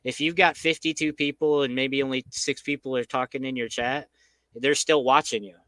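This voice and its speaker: A man's voice: medium pitch, fairly even intonation, moderate pace, bright, forceful tone, dry recording, low-quality recording. A man hosting a casual chat, rambling and profane in laid-back banter. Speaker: host.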